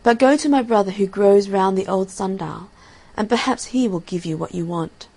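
A woman reading aloud and voicing a proud white rose tree in a calm, stately storybook tone. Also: mid-range voice, normal speed, creaky, breathy edge, rough recording.

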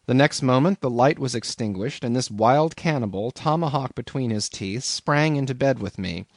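A man reading a classic novel aloud as an audiobook narrator, in an expressive storytelling manner. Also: medium pitch, normal speed, no echo, clean studio sound.

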